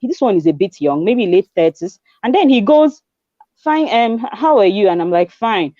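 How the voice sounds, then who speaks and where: A woman in her twenties with a Nigerian accent, telling her story in an animated way as a guest, acting out dialogue and mixing in pidgin. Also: mid-range voice, normal speed, dry recording, lo-fi sound. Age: 20s. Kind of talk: conversational testimony.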